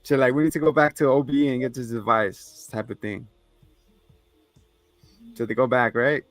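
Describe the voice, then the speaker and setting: A man's voice: medium pitch, level tone, normal speed, dry recording, faint music behind. A man co-hosting a podcast, casually recapping episodes in a rambling way, with fillers and laughs. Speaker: podcast co-host.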